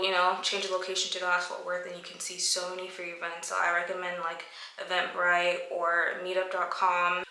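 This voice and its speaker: Woman vlogger, chatty Q&A storyteller, crisp bright tone, roomy reverb. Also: medium pitch. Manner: chatty, acts out her own reactions in quotes. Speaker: lifestyle vlogger answering viewer questions. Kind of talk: casual Q&A storytelling. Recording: echoey room.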